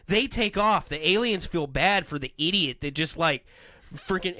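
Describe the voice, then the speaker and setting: Animated high-voiced man telling stories. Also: moderate pace, dry recording. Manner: animated, rambling storytelling with voices. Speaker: podcast host. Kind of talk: casual comedic chat.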